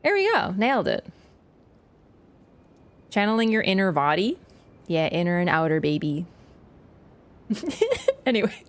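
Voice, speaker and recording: A woman's voice: mid-range voice, very animated. Giggly young woman streamer. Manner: giggly, quick, self-mocking, frequent laughs. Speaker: livestreamer. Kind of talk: casual game-stream chat.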